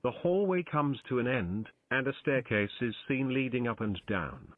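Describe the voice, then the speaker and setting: A man reading out a text adventure game's narration in a lively storybook manner. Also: mid-range voice, normal speed, no echo. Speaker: game narrator. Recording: tinny phone-like dry sound.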